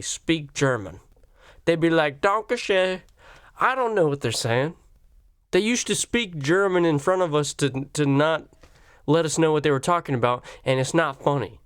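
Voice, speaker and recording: A man's voice: on the high side, smooth, no echo, studio quality. A man ranting on camera in a rambling, profane comic monologue, his voice jumping up when he gets worked up. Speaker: vlogger. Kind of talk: profane comedic rant.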